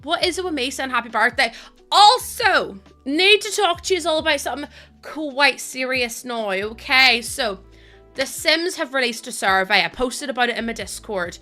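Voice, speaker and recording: A woman with a Northern Irish accent chatting fast with her stream audience, tired and laughing often. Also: high voice, lively intonation, sharp tone, soft background music. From Northern Ireland. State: tired from lack of sleep. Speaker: live streamer. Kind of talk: casual chat with a stream audience.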